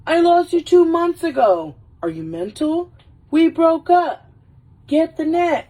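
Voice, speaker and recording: A woman's voice: high voice, measured pace, a little mellow, pitched above the performer's own voice. A woman voicing an exasperated young man, quoting his lines with indignant sarcasm. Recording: voice a little far from the mic.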